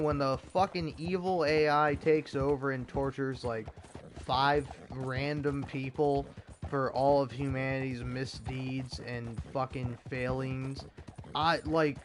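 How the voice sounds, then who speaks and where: A man's voice: mid-range voice, a little hiss or hum. A young American man ranting with heavy profanity and stammered restarts while commenting over gameplay. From United States. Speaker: gaming YouTuber.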